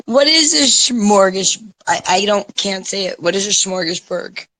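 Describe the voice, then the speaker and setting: A woman's voice: mid-range voice, expressive, unhurried, a bit bright, dry recording. A woman joining a podcast by video call, giggly and a little shy in casual chat. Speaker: podcast guest.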